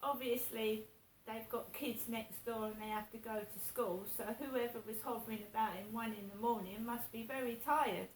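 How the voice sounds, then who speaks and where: Talking to camera far from the mic, a woman vlogger speaks in a slightly high, steady voice at normal speed, barely pausing. Her casual monologue is rambling, indignant, and repetitive, recorded in an echoey room with a faint hiss.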